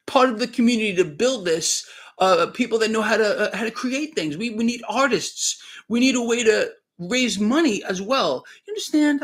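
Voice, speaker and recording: A man's voice: high-pitched, fairly bright tone. A man talking fervently on a live stream, emphatic and repeating himself. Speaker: online commentator.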